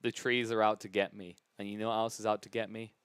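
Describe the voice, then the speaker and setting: A man casting a live esports match, with rapid, excitable play-by-play and playful teasing banter with his co-caster. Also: on the low side, clear, resonant tone, no room sound. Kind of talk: live game commentary.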